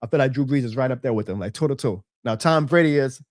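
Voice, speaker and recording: A young man hosting a casual live fan show, excitable and reading chat comments aloud. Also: mid-range voice, fast, no room sound, studio quality.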